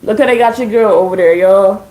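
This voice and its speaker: A woman's voice: mid-range voice, a little fast, dark tone, roomy sound, poor audio. A woman streaming live from home, chatting casually with her viewers, swearing freely and keeping a dry, sarcastic edge. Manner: chatty, profane, addressing viewers as y'all.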